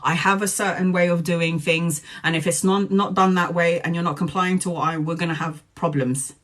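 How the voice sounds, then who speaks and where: A woman with a lowish voice, fairly even intonation, and normal speed chats casually on a live stream as a tarot reader. She's chatty with her viewers, joking and laughing often.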